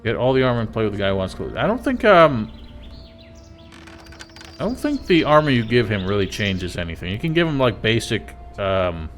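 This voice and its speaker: A man's voice: on the low side, big pitch swings, moderate pace, soft background music. A man streaming a video game live, musing aloud in a chatty way and filling his talk with "like". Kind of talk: casual live-stream commentary.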